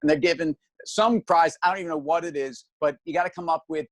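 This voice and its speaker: A man in his fifties hosting a casual show, telling a lively story and acting out the voices of other people. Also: on the high side, fast talker, no echo. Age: 50s. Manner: animated storyteller, acts out voices. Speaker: show host.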